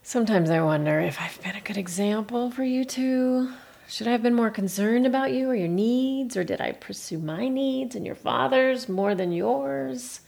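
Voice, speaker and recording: An actress playing a wistful middle-aged mother who gets emotional and slips into breathy whispers as she remembers her first love. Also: on the high side, normal speed, a little mellow. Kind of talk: film drama acting.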